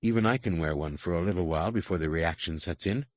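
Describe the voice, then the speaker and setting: A man voicing a stern female alien overseer in an audiobook, speaking in clipped, measured commands. His tone is low and dry. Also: no room sound. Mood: stern, instructing. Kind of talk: audiobook character reading.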